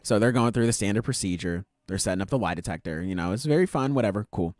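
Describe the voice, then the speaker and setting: A man's voice: fairly low pitch, fast, dry recording. Podcast host, man, loose and slangy, voice swings all over, dry close sound. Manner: animated, slangy, swears freely. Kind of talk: casual chat, retelling manga chapters.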